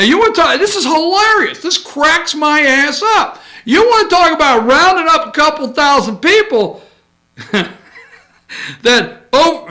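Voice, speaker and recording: A man's voice: very high-pitched, sharp tone. A man hosting a political talk show, joking and sarcastic as he rambles through the news. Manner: joking, sarcastic, rambling, jumps between mock impressions. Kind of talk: casual opinion commentary.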